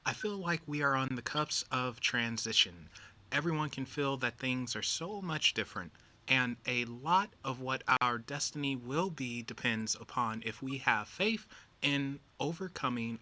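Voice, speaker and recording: A man's voice: mid-range voice, measured pace, bright, forceful tone. A man from Texas with a Texan accent, co-hosting a casual chat, telling stories and reading out comments. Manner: easygoing storyteller, reads out comments. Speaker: co-host.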